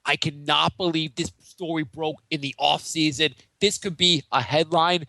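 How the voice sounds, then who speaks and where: A podcast host doing a mock rant as an overheated sports pundit, stammering with theatrical outrage and sarcasm. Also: male voice, a little high, fairly even intonation, moderate pace, gravelly, bright, forceful tone, no room sound. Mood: outraged.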